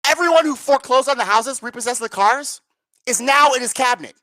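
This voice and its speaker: A woman hosts a solo political commentary livestream in a high-pitched, fairly quick, slightly bright voice with no echo. She rants sarcastically and profanely, firing rhetorical questions at her viewers.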